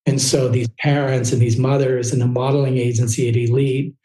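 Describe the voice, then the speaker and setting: A man's voice: medium pitch, level tone, fairly quick, mellow, echoey room, rough recording. A middle-aged man from Southern California, telling his story as a podcast guest in a candid, rambling way. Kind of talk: casual storytelling interview.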